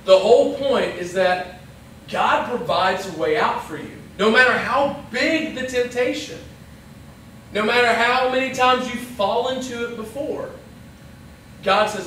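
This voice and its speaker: A man's voice: extremely high pitch, measured pace, a bit bright, heavy reverb, recorded from a distance, slight background noise, poor audio. A man giving a casual, conversational sermon to young people, acting out little quoted lines as he goes. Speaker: pastor. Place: church hall.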